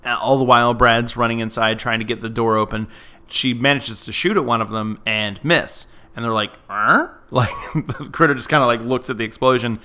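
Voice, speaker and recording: This man's voice is medium in pitch, clear and resonant, pushed and bright, with fairly even intonation and a slightly fast delivery. Co-hosting a podcast, he chats casually through a movie recap, laughing easily and using "like" a lot.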